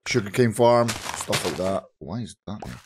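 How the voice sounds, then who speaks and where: A Scottish man with a hoarse, groggy voice, chatting casually to viewers while playing Minecraft on his channel. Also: lowish voice, lively intonation, moderate pace, background noise. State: hoarse from shouting. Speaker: gaming channel host. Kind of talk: casual Minecraft let's play commentary.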